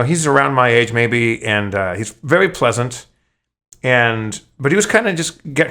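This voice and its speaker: A man's voice: medium pitch, fairly bright tone. Profane, rambling male podcast host. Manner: rambling, stammering restarts, profane. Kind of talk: casual storytelling chat.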